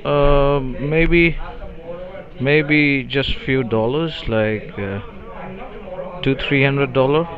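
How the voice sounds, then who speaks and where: A man's voice: medium pitch, drawn-out words, pauses often, crowd noise. A man from India, a call center scammer who swears and talks back. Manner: cursing, defiant, then wary. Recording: dull lo-fi phone call.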